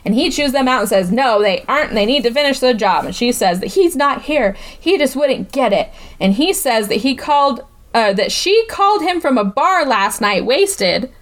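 A woman with a slightly high voice gives a casual, sarcastic recap of a film on a podcast. She talks in a loose, chatty way, full of "like" and "right?" and asides to her co-host. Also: animated, normal speed, few pauses. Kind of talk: casual movie recap chat.

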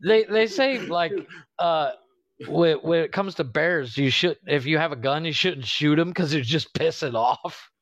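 A man's voice: fairly high pitch, a little slow, a bit bright, no room sound, muffled recording. A man co-hosting a podcast, telling crude jokes and giggling through casual chat. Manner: giggly, joking, crude storyteller. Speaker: podcast co-host.

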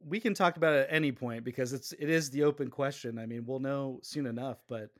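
A man's voice: medium pitch, quick pace, no echo, studio quality. A man from the United States co-hosting a podcast, talking casually, laughing often and restarting his sentences. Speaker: podcast co-host.

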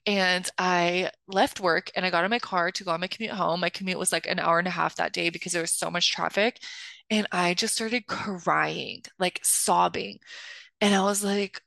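A woman's voice: lowish voice, fairly even intonation, normal speed, creaky, bright, forceful tone, no room sound. A young adult woman hosting a solo podcast, talking candidly and confessionally with lots of filler words. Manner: chatty and confessional, heavy use of filler "like". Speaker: podcast host and spiritual life coach.

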